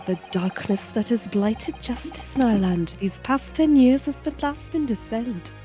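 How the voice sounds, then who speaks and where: A woman doing a kindly old Welsh judge from a game, formal and ceremonious. Slow, measured delivery with faint game music behind. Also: fairly high pitch, animated, dark tone, pitched above the performer's own voice. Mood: grateful. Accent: Welsh (put on).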